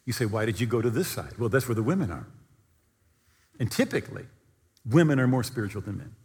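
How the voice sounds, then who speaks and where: A man preaching a storytelling sermon, animated and at times near-shouting. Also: medium pitch, quick pace, breathy edge, big-room sound.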